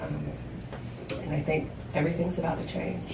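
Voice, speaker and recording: A woman from South Georgia telling a personal story on stage at a live storytelling show, candid and conversational, acting out quoted lines in a higher voice. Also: little pitch movement, normal speed, creaky, noisy background. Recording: roomy hall sound from a distant mic.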